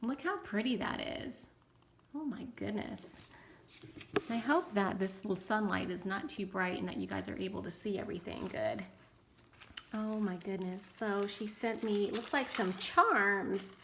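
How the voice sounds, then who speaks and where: A woman's voice: medium pitch, unhurried, gravelly, a little hiss or hum. A woman hosting a casual craft vlog, gushing with delight and exclaiming often as she shows off handmade tags she received in the mail. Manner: gushing, enthusiastic, lots of "oh my goodness". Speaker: craft channel host. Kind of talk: casual show-and-tell vlog. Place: indoors near bright sunlight.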